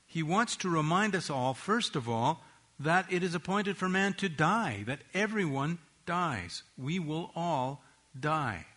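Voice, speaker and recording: A man preaches a sermon earnestly and at a measured pace, slowing down on the phrases he wants to stress. His voice is on the high side and a bit bright.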